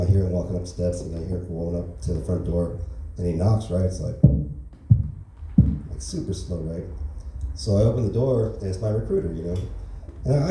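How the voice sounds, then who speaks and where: Stand-up man, open mic, dark low voice, rambling deadpan delivery, echoey far-off club sound. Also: slight background noise. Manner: rambling, filler-heavy, deadpan. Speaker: stand-up comedian. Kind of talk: stand-up comedy set.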